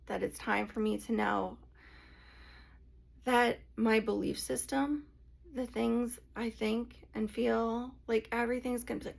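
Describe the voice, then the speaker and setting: A woman channeler and energy healer speaking to her viewers in an emotional, confessional vlog, hushed and sighing as she talks. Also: on the high side, creaky.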